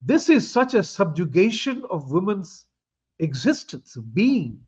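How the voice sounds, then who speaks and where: Male host with a raised pitch; forceful, rhetorical delivery over muffled lo-fi audio. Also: sing-song, a little slow, slightly rough. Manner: emphatic, rhetorical questions. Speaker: show host. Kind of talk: opinionated interview talk. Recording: dull lo-fi audio.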